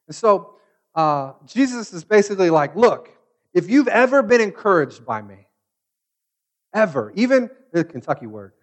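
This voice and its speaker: Guy with a high voice preaching, chatty storytelling sermon, does little voices for quotes. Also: sing-song, moderate pace. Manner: conversational, acts out quoted voices. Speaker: pastor.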